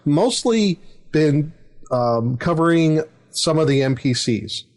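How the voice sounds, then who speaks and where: A man's voice: on the high side, lively intonation, slow, a little mellow. A middle-aged man hosting a podcast, rambling through a casual anecdote about running a tabletop game, with many fillers and chuckles. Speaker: podcast host and game master.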